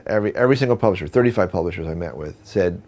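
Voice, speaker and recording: A man with a low, deep voice tells a long story at a quick clip. He talks conversationally, with plenty of fillers and restarts. He acts out the voices in the dialogue he recalls. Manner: animated, acts out quoted dialogue. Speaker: photographer and book producer. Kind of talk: storytelling interview.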